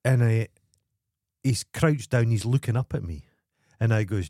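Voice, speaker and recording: A man's voice: mid-range voice, unhurried, warm tone, dry recording, clean studio sound. A middle-aged man with a Scottish accent, co-hosting a podcast, telling stories bluntly and grumpily with lots of swearing. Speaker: podcast co-host. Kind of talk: casual chat.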